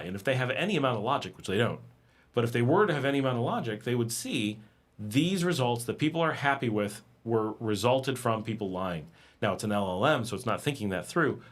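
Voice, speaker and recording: A man hosting a casual livestream, talking in a conversational, animated way and acting out exasperated quotes. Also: mid-range voice. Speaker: livestream host. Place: home in Nicaragua.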